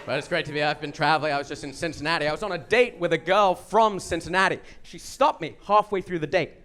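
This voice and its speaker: High-voiced English stand-up comic. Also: male voice, quick pace. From England. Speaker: stand-up comedian. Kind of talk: stand-up comedy set. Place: comedy show venue. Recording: live set with loud crowd noise and laughter.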